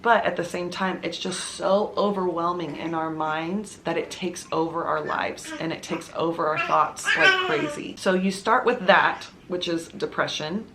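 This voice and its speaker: A woman's voice: fairly low pitch, lively intonation, unhurried, few pauses, a crowd in the background. A woman vlogging at home, telling her own story to camera in an earnest, confiding, conversational way. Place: at home with her baby nearby.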